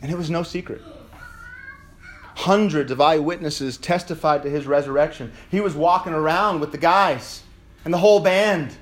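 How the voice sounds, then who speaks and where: A male pastor preaching an Easter sermon in a church, swinging between shouted declarations and quieter, joking asides. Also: on the high side, normal speed.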